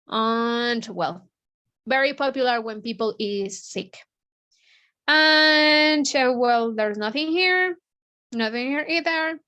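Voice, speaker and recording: Woman, slow unhurried delivery, fairly high voice, halting explanations. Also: a bit bright. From Mexico. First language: Spanish. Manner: explains words slowly, halting, many fillers. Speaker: English book club teacher. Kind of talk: casual vocabulary lesson.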